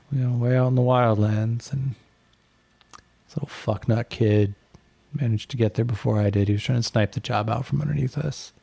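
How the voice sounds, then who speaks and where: A bitter, crude young scavenger, played by a man talks bluntly and curses freely. His voice is gravelly and dark-toned, and the sound is dry. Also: mid-range voice, no room sound. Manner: blunt and profane.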